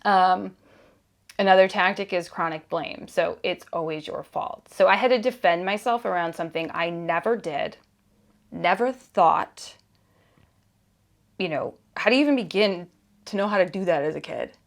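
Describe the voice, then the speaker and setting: Woman podcast host, earnest and candid, somewhat low pitch, conversational with restarts. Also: normal speed. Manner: grows emphatic and exasperated in places. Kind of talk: personal podcast talk.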